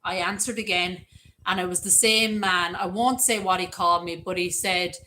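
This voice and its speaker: A woman's voice: lowish voice, fairly even intonation, normal speed, sharp tone, low-quality recording. A middle-aged Irish woman hosting a livestream, chatting and rambling through stories. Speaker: livestream host. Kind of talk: casual livestream chat reading comments.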